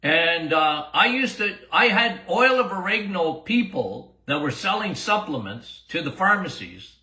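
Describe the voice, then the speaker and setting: An older man, a doctor hosting a casual listener Q&A podcast, talking in an animated, emphatic way, repeating himself and laughing often. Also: sits high, a little slow, roomy sound. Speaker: doctor and show host.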